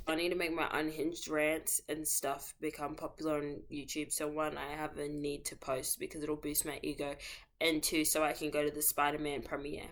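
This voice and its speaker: A young adult woman vlogging in a casual, rambling monologue, full of playful slangy asides and self-interruptions. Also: deep voice. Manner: rambling, self-interrupting, jumps between topics.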